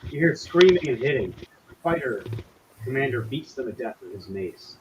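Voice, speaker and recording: A man's voice: mid-range voice, lively intonation, moderate pace, darkish tone. A man narrating as game master in casual, profane table talk. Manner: casual, swears freely, voices figures briefly. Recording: slightly dull lo-fi audio, faint hiss.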